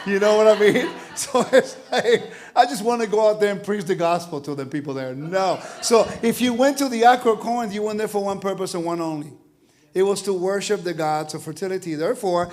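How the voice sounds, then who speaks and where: A man teaching a congregation, lively and animated, often asking his listeners questions. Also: high-pitched, brisk. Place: congregation hall.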